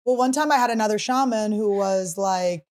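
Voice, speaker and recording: A woman's voice: medium pitch, moderate pace, crowd noise. A woman hosting a podcast, chatting casually and telling stories full of acted-out quotes. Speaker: podcast host. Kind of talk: casual chat.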